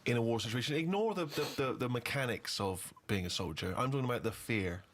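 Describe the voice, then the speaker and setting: A man's voice: medium pitch, lively intonation, fast, fairly bright tone. A man asking incredulous, probing questions in a casual chat. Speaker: co-host.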